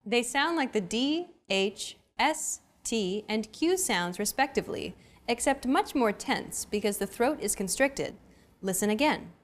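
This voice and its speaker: Delivering scripted narration for a language lesson, this young adult woman sounds clear, upbeat and teacherly. She speaks at a measured pace in an expressive, highish voice.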